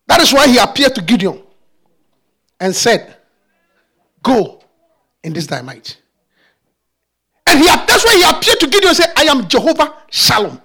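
A man preaching a sermon with passion. He fires off repeated questions and builds up to shouting. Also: very high voice, slightly rough.

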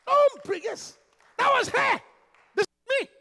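A man, a pastor preaching an emphatic, animated sermon full of rhetorical questions. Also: very high voice, a little slow, vocal fry, long reverb tail, a faint crowd.

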